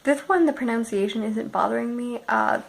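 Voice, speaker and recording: A young woman in her early twenties from Canada, musing sleepily and softly about books while unwell, often dropping to a half-whisper. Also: fairly high pitch, a little fast, creaky, low-quality recording. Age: early 20s. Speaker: book vlogger.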